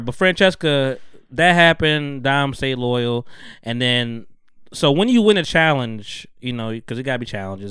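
A man's voice: mid-range voice, clear, resonant tone, dry recording, studio quality. An American man hosting a podcast, telling a story in casual, profane chat and acting out what people said. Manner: profane, animated storytelling, acts out quotes. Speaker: podcast host.

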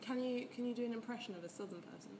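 Woman asking soft interview questions. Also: on the high side, rapid-fire, background noise. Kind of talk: casual interview.

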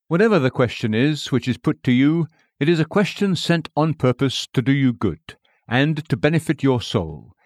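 A man's voice: mid-range voice, dry recording, clean studio sound. Earnest man reading an old sermon. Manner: measured, earnest, rhetorical questions. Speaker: preacher. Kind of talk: read-aloud sermon.

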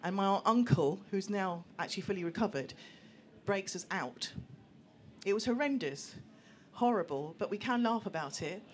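A woman telling a personal story to a live audience, lively and acting out voices of other people. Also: medium pitch, moderate pace, a little hiss or hum. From England. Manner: animated, acts out voices, laughs through the telling. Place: small venue room with an audience.

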